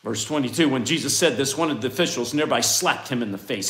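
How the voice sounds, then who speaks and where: A man preaches a fiery sermon and reads from scripture. He drops to hushed asides, then rises into loud, impassioned outbursts. His pitch swings widely, and the room carries a clear echo. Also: lively intonation, fairly quick, hardly any pauses. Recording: echoey room.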